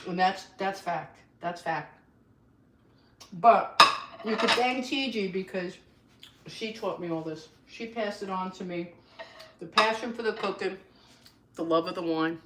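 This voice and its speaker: A woman's voice: fairly low pitch, unhurried, long pauses. A woman hosting a casual live cooking stream in her home kitchen, chatting and laughing candidly with some mild swearing. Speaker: cooking vlog host. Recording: echoey kitchen, distant mic, faint noise.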